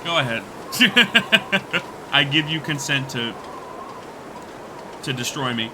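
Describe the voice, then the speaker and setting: A man's voice: on the high side, big pitch swings, slow pace, noisy background. A man streaming a video game, bantering loosely with his chat, swearing and laughing often. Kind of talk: casual gaming livestream chat.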